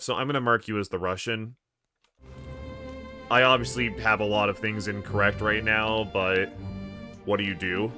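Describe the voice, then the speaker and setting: A man streaming a game, thinking aloud in a hesitant, musing way. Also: on the low side. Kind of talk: casual gameplay commentary.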